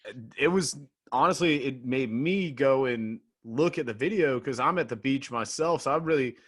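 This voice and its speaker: A man co-hosting a podcast, reacting to his co-host in casual, halting talk. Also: mid-range voice.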